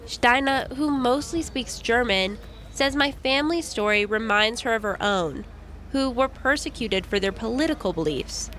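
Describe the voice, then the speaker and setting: Young woman reporter narrating a radio feature, calm and measured, bit of faint outdoor noise. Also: a little high. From United States.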